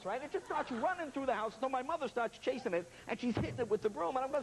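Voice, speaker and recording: A man telling a comic story as a talk show guest, animated and laughing, with lots of voices and sound effects. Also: very high-pitched, fast, few pauses. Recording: noisy television studio audio.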